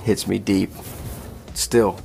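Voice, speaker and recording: A man's voice: low-pitched, level tone, slow, gravelly, darkish tone. A man earnestly telling a personal story about writing a song, reflective in tone. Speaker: guest musician.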